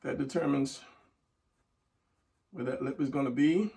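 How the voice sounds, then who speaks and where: A man's voice: mid-range voice, a little slow, creaky, warm tone, far from the mic. A middle-aged man teaching a casual drawing tutorial, talking while he draws and trailing off into murmurs. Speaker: drawing instructor.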